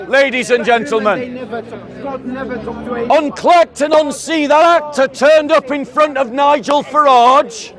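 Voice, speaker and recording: A man with a southern English accent, giving a declamatory public speech to a crowd outdoors and calling them ladies and gentlemen. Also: very high-pitched, takes it slowly. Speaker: street preacher.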